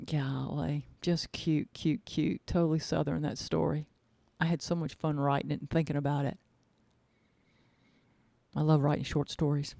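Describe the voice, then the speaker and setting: A woman's voice: low voice, gravelly, dark tone, dry recording. A woman hosting her own podcast as an author, chatting casually in a gushing, rambling way and repeating words for emphasis. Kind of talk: casual chat.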